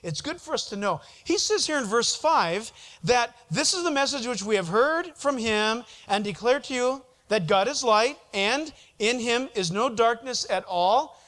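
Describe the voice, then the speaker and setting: A man preaching a sermon to a congregation, animated, often putting questions to the listeners and answering them himself. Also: very high-pitched, measured pace. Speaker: pastor.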